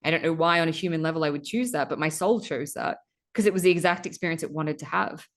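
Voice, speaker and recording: Woman guest, lowish voice, frank and profane, chatty storyteller on a podcast. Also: fast talker. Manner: candid, swears freely, fillers like "like" and "right?"; earnest storyteller. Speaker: spiritual healer, podcast guest. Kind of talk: casual podcast conversation.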